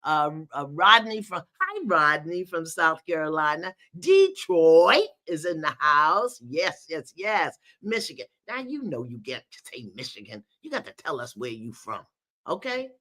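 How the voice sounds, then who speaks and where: A middle-aged woman hosts a live online gathering, calling out viewers' hometowns with playful energy. Her voice sits fairly low yet sounds bright and forceful. Her pitch swoops widely as she talks. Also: measured pace. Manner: lively, playful, call-outs with "in the house". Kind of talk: live-stream greeting viewers by location.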